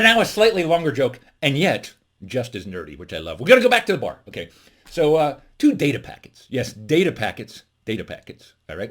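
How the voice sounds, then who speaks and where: A man hosts a comedy segment from home and tells nerdy joke after joke, laughing at his own punchlines. His husky voice leaps from low to very high, and he talks quickly. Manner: animated, laughs at own jokes, many fillers. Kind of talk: casual joke telling to camera.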